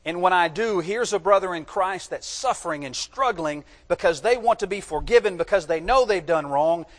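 A man's voice: high voice, lively intonation, normal speed, few pauses. A man preaching a sermon, reading scripture aloud and stopping to point out key words for his listeners to mark. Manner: emphatic, teaching, tells listeners to underline words; reads scripture aloud in old-fashioned wording. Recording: long reverb of a large hall.

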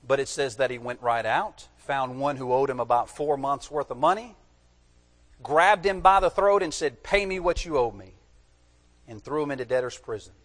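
A man's voice: medium pitch, normal speed, fairly bright tone. A man preaching a sermon, reading scripture aloud and stopping to point out key words for his listeners to mark. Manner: emphatic, teaching, tells listeners to underline words; reads scripture aloud in old-fashioned wording. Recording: long reverb of a large hall.

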